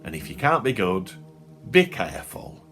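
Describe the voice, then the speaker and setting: A man's voice: fairly low pitch, big pitch swings, normal speed, a bit bright, soft background music. A man voicing a bland middle-aged grocer who drones on cheerfully about the weather. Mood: chirpy. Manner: cheerfully droning small talk.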